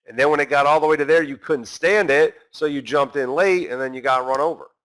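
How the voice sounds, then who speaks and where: A man's voice: fairly high pitch, a little fast, fairly bright tone. A man teaching a trading session in a conversational way, peppering his points with tag questions and acting out frustrated traders. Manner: conversational, constant tag questions like right and okay; acts out frustrated traders' inner voices. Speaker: trading instructor.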